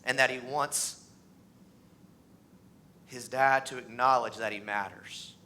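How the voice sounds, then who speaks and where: A pastor in his thirties preaching a sermon in a church, animated and acting out the voices of the people in his stories. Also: takes it slowly. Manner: animated, acts out voices, pitch rises on mocking lines. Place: church sanctuary.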